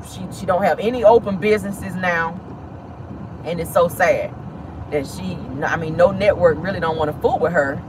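Sassy high-voiced man gossiping in a car. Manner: sassy and dramatic, calls listeners honey and baby. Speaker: host. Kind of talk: casual celebrity gossip commentary. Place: inside a car. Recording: car noise behind the voice.

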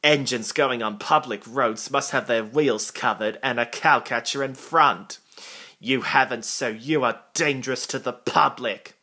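A man's voice: mid-range voice, slow, sharp tone. A man reading a storybook aloud and voicing a cross, stern policeman who scolds sharply.

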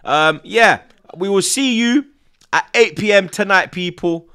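A young man hosting a live football watchalong, excitable and repetitive, taunting rival fans. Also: sits high, measured pace, smooth. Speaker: host of a football watchalong stream. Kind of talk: live fan reaction stream.

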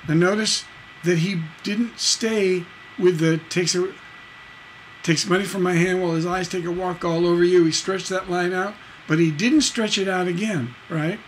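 Slow, halting man teaching songwriting. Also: high voice, a bit bright, a little hiss or hum, rough recording. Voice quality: halting, many fillers and restarts. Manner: talks lyrics through slowly, counting beats aloud. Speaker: songwriting instructor. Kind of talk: livestream songwriting lesson.

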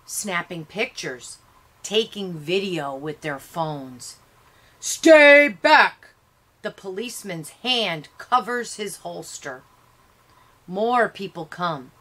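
A woman reads a novel aloud as a teacher, taking her time and leaving space between short phrases. Her voice is bright and forward. She breaks off now and then to explain the story to her listeners. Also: fairly low pitch. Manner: expressive reading in short paced phrases. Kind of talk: read-aloud lesson with explanations.

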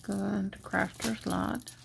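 A woman's voice: mid-range voice, fairly even intonation, slow, creaky, slight background noise. A woman vlogger in casual show-and-tell commentary, chatting and murmuring remarks about each item at home, with Spanish asides now and then. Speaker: jewelry vlogger.

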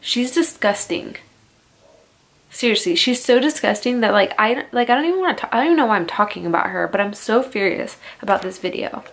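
This young woman's home vlog is an angry rant aimed right at the camera, laced with swearing and constant "like"s. She talks fairly quickly in a fairly high, slightly bright voice with lively intonation.

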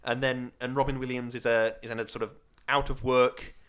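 A man's voice: mid-range voice, normal speed. Laughing, chatty male podcast co-host. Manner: animated, laughs often, loose rambling. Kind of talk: casual film chat.

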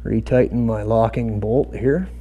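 A man explaining bass guitar adjustments step by step in a calm, methodical tutorial. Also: unhurried, slightly rough.

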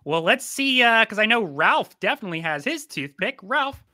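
A playful male host with a bright, lively voice that jumps around in pitch. He jokes and tells stories like a showman. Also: normal speed. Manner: jokey, animated storyteller. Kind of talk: playful online show hosting.

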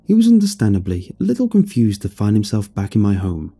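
Husky, dark-voiced man narrating horror. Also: on the low side, brisk, few pauses. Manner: dramatic, expressive storytelling. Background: faint music.

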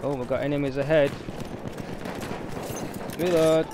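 A man's voice: fairly high pitch, fairly even intonation, a little slow, noisy background. A young man with a Yorkshire accent streaming a game, chatting easily with his viewers as he plays. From Yorkshire, England. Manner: chatty, easygoing, talks to chat while playing. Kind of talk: casual live gameplay commentary. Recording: game gunfire loud behind the voice.

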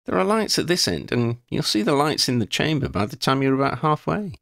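A man voicing a young witch who leads a group, calm, firm and reassuring. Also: fairly high pitch, fairly quick, creaky, no room sound, clean studio sound, pitched above the performer's own voice, full character voice. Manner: reassuring, decisive.

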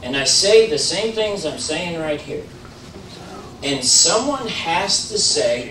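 A man giving an informal sermon in a church, talking in a conversational way with many fillers and restarts, rising into animated emphasis. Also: a little high, slow, a little hiss or hum. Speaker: preacher. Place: church sanctuary. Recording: roomy church audio, mic at a distance.

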